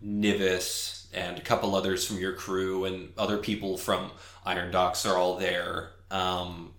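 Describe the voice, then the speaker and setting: A man narrating as game master, rambling with many fillers and jumping into high voices for characters. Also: completely flat delivery, unhurried, fairly bright tone. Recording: echoey room.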